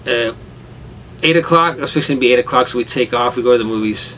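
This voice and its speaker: Rambling dad vlogging from home, mid-pitched, easygoing storyteller. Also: male voice, fast talker, pushed and bright, far from the mic, a little hiss or hum, rough recording. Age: adult father with a son. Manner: rambling, laughs hard at his own story. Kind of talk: casual storytelling vlog. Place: indoors at home, rain outside.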